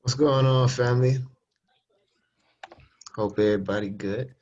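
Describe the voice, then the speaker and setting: A man's voice: mid-range voice, steady tone, a little slow, a little mellow. A man giving a conversational motivational talk on a group call, explaining his idea step by step. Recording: muffled lo-fi call audio.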